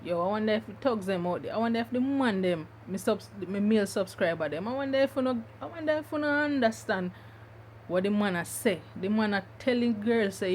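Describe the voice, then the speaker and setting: A woman's voice: medium pitch, brisk. Young Jamaican woman, reaction host, patois-laced chatter, some background noise. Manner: chatty, mixes in patois, repeats herself. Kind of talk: casual reaction commentary.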